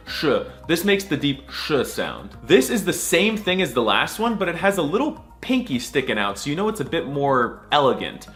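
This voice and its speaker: A man's voice: on the high side, a bit bright. A man giving a sarcastic, jokey mock alphabet lesson, drawing out each letter sound. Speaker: comedy video creator.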